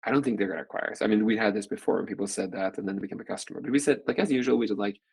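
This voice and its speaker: Fast-talking gravelly man telling a story. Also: fairly low pitch, darkish tone. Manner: rambling storyteller with constant "like" fillers. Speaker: guest, venture capital partner. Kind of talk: casual storytelling interview.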